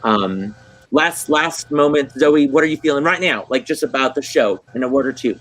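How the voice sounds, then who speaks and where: A man's voice: mid-range voice, lively intonation, moderate pace, a bit bright, low-quality recording. A man hosting a casual livestream chat for a theater, effusive and gushing, full of ums. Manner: effusive, gushing, many fillers. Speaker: theater host.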